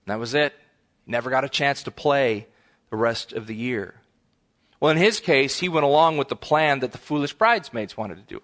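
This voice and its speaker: A man's voice: medium pitch, lively intonation, moderate pace, a bit bright. A middle-aged man preaching a sermon, telling stories and building to emphatic repetition. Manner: storytelling, rises to emphatic repetition. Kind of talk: sermon on a parable.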